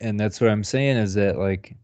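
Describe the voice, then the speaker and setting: A man's voice: fairly low pitch, normal speed, darkish tone, dry recording. A man co-hosting a podcast, talking in a rambling casual way with a lot of swearing and laughing. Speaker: podcast co-host. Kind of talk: casual profane chat. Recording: dull lo-fi dry sound.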